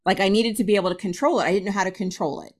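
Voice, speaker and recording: A middle-aged woman tells a personal story as a podcast guest. She laughs often and slips into the voices of the people she quotes. Her pitch sits in the middle of the usual range for a woman. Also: rapid-fire. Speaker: spiritualist medium, podcast guest.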